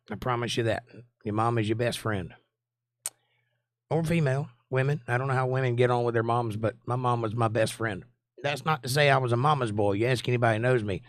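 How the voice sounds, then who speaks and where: This is a studio-quality recording with no room sound of a medium-pitched man in his forties. He has a Southern US accent and hosts a livestream, chatting folksily with his viewers.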